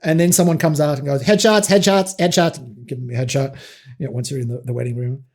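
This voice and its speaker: A middle-aged South African man, a guest actor, telling animated stories in a casual interview, restarting often and laughing. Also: medium pitch, rapid-fire, slightly rough.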